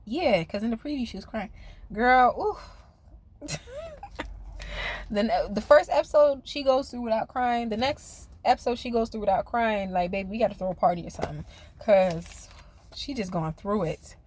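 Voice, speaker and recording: A woman's voice: on the high side, moderate pace, a little mellow. A woman reviewing a reality TV episode in a casual, sassy, chatty way, speaking straight to her viewers. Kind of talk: casual recap commentary.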